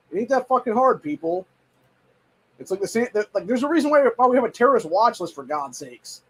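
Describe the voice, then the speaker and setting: A man with a high, husky voice rants in a heated, rambling way. He swears constantly and keeps tossing in "dude" as he talks through his show. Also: fairly bright tone, poor audio. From United States. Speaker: show host. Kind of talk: casual political rant.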